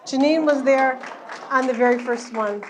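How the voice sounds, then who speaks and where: With a voice that sits high and a moderate pace, a woman talks over slight background noise in an event hall at a luncheon. She's an educational entertainer, chatting after her show and sharing warm stories full of laughs.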